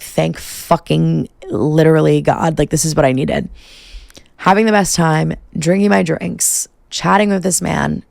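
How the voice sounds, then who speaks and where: A woman's voice: deep voice, creaky, a little mellow, no echo, studio quality. A young woman hosting a podcast, telling a personal story in a chatty, profane way full of fillers. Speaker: podcast host. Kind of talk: casual storytime monologue.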